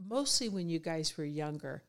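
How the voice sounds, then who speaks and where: A woman in her fifties, a podcast guest, talking reflectively in a casual conversation and often pausing with fillers. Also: deep voice, animated, fairly bright tone. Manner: reflective, many fillers and restarts.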